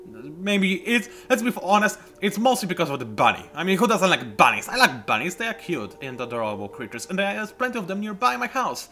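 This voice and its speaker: A man in his 20s hosts a let's play from a room at home, chatting casually about the game and drifting off topic. His voice is on the high side with a sharp tone.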